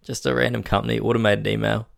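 A man's voice: on the low side, level tone, fast talker, gravelly, dry recording. A young man with a New Zealand accent co-hosting a podcast, dry and teasing, a bit sick. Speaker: podcast co-host. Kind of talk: casual podcast banter.

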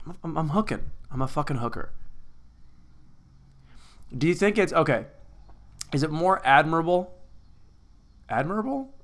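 A man hosts a podcast with a casual comedic rant that rambles, turns crude and self-mocking, and swings between loud bursts and low mutters.

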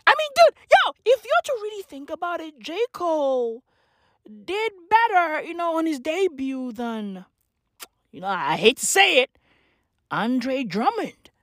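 A woman's voice: sits high, sing-song, unhurried, fairly bright tone, dry recording, studio quality. A woman giving a mocking, profane sports rant, laughing often and repeating herself in exasperation. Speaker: sports commentator.

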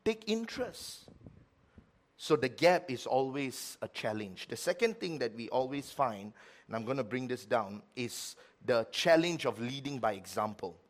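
A middle-aged man preaching a sermon as pastor, with lively swings between loud, emphatic lines and quiet ones. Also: mid-range voice, a little slow.

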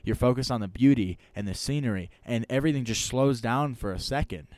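A man telling a story in casual chat, rambling and animated, often tagging lines with "right?". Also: medium pitch, fairly quick, no room sound.

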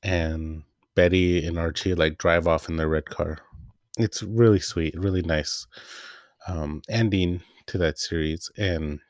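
A man with a very low voice hosts a laid-back comic review. He rambles, trails off into asides and leans on fillers, and his voice sounds worn out. The sound is dry and close. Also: steady tone, measured pace, no room sound. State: voice wearing out. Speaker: host.

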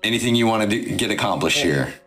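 A man running a tabletop game as game master, narrating in a relaxed, halting way. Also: on the low side, faint music behind. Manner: relaxed, halting, many restarts.

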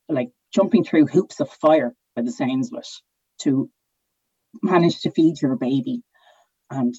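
A woman's voice: deep voice, warm tone, husky, no room sound, muffled recording. A woman, speaking as a podcast panelist in an emotional, impassioned way and restarting her sentences. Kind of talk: casual podcast discussion.

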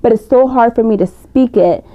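A woman's voice: on the high side, moderate pace. A woman chatting casually as a podcast guest, talkative and full of fillers and laughs. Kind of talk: casual chat. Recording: dull lo-fi recording.

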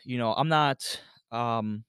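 A man hosts his podcast with a casual, meandering storytelling manner, sprinkling in profanity and "you know" fillers. His voice is smooth and clear at an ordinary pitch. The sound is dry and close, with no room echo. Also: takes it slowly, fairly bright tone. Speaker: podcast host.

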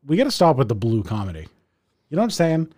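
A man co-hosting a comedy podcast, crude and playful, sometimes going hushed and mock-serious. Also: mid-range voice, wildly swooping pitch, fast talker, no echo, clean studio sound. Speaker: podcast co-host. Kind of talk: casual comedy banter.

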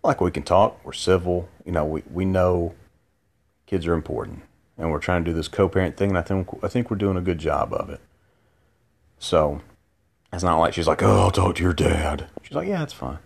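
A man's voice: deep voice, normal speed, pauses often. A man, hosting his own podcast, rambling through a drowsy late-night monologue from bed, full of restarts and asides. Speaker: podcast host. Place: in bed at home.

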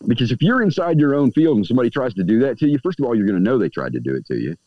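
Animated man on a dull, dry line. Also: medium pitch, rapid-fire, no echo. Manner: acts out quoted people in lively voices; smokes a cigar while talking. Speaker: guest speaking on magick. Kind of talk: casual podcast conversation.

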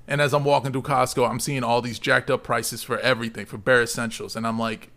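A man co-hosting a casual podcast, telling a lively story and swearing freely. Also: mid-range voice, fairly quick, gravelly, few pauses. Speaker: podcast co-host.

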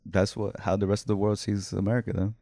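A man's voice: lowish voice, little pitch movement, fast talker, gravelly, mellow, no room sound. A man co-hosting a casual podcast, easygoing and agreeable, with a lot of slang. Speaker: podcast co-host. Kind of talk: casual chat.

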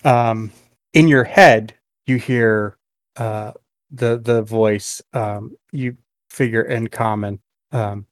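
Slow-talking man running a tabletop game. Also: fairly low pitch, steady tone, no room sound, studio quality. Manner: hesitant, many fillers and restarts. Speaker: game master.

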